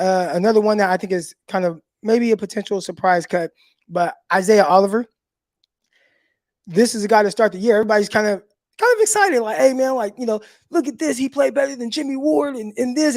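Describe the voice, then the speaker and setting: A man's voice: high-pitched, no echo. A man hosting a live sports call-in show, talking loosely with fillers and casual swearing. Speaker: sports podcast host.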